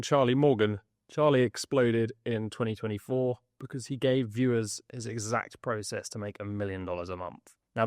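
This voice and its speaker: A man, hosting a podcast where he reads his newsletter email aloud, lively, with jokey asides and frequent laughs. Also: mid-range voice, no echo, studio quality. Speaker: host.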